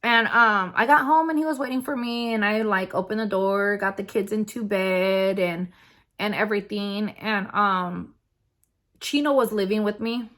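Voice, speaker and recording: A woman's voice: mid-range voice, normal speed, a bit bright. A young adult woman vlogger telling a personal story in a casual, rambling way, with lots of fillers. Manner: rambling, filler-heavy, conversational.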